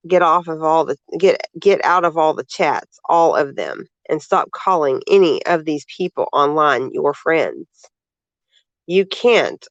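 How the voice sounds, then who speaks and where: A man with a fairly high voice reads other people's posts aloud and cuts in with sarcastic, indignant remarks. The audio is dull and lo-fi, with a dry, close sound. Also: fairly bright tone, no echo. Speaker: vlogger. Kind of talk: reading out social media posts with commentary.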